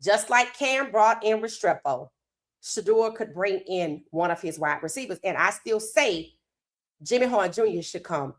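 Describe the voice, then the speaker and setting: A woman hosting a live sports talk stream, reading viewer comments aloud and reacting with animated opinions, her voice worn from hours of streaming. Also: fairly low pitch. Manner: animated, talks straight to chat, reads comments aloud. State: losing her voice.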